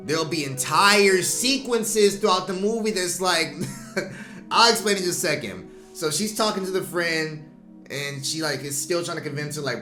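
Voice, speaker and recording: A man casually recapping a horror movie, animated and slangy, acting out the characters' lines and laughing often. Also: a little high, normal speed, echoey room, faint music behind. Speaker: movie reviewer.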